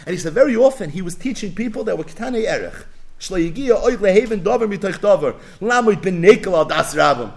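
A man teaching a Torah class, animated and full of Yiddish and Hebrew terms. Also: on the high side.

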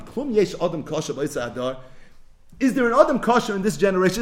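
A man delivers a Torah lecture as a gripping story, his fairly high voice swinging widely as he acts out each character's words. He builds the quoted pleas with mounting intensity and slips Hebrew and Yiddish phrases freely into his English. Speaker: Torah teacher.

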